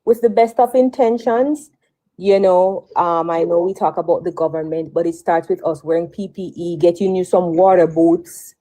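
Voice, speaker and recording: A woman's voice: fairly low pitch, normal speed, warm tone, low-quality recording. A woman explaining health advice as a talk-show guest, careful, with frequent restarts.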